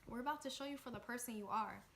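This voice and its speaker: Brief: young woman vlogger, bright and forceful, animated storytelling, echoey room. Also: on the high side, fast talker. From Washington, D.C. area, USA. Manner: animated, excitable storytelling with many fillers. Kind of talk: storytime vlog. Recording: echoey room with faint noise.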